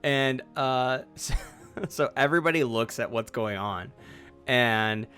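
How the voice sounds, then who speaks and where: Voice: medium pitch, slow pace, a bit bright, soft background music. Laughing, rambling game master. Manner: rambling, filler-heavy narration with laughs. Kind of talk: tabletop role-play session.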